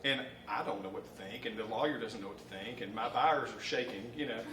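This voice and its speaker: In a conference room before a live audience, a Southern-accented mortgage lender from Alabama, a man in his fifties, gives a training presentation built around an anecdote, folksy, animated and laughing often. His mid-range voice moves fast. A distant mic in the roomy hall picks up ambience and background noise.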